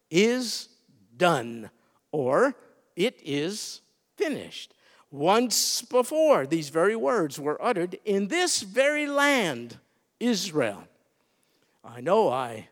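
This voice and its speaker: A man preaches in a high, lively voice that swoops up and down as he drives each point home. He takes his time, drawing out words and leaving dramatic pauses. The voice carries a long reverb from a church hall. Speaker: pastor. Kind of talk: sermon.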